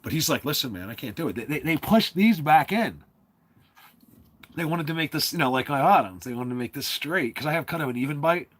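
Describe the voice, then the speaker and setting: On a casual livestream, a man from New Jersey rambles, stuffing his talk with fillers and breaking off to restart. His voice sits fairly high and sounds expressive, moving at a slightly quick clip.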